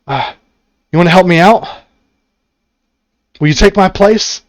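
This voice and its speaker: Wheedling, carefree young man, played by the game master, slightly high, dry sound. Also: unhurried, dry recording. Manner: breezy, wheedling. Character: cheerful half-dressed young man fleeing, pleading.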